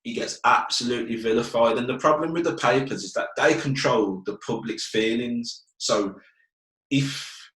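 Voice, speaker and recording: A man's voice: mid-range voice, moderate pace, a bit bright. Frank Brummie man in an echoey room. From Birmingham, England. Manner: earnest, frank, keeps asking "do you get what I mean". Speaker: guest, fitness business owner. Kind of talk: casual conversational interview.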